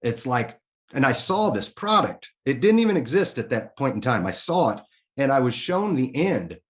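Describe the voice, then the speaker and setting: A middle-aged man from the Kansas City area speaks as a guest in a casual interview. His voice sits at a medium pitch, and he tells his own story with animated energy, swearing freely and acting out his own thoughts as he goes. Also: moderate pace.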